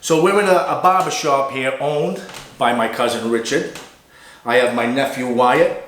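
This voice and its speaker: Chatty Boston host in an echoey shop. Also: male voice, medium pitch, moderate pace, slight background noise. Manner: animated, chatty storyteller. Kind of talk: casual interview. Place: barber shop.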